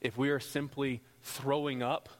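A man preaching a sermon as pastor, rising into loud, impassioned passages. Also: flat delivery, measured pace. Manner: builds to loud, high-pitched pleading passages. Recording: long hall reverb.

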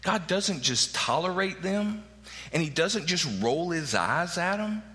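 A man's voice: a little high, animated, takes it slowly, sharp tone. A man, preaching a conversational sermon in a church, often tossing in "right?" to the congregation. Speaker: pastor. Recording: long hall reverb.

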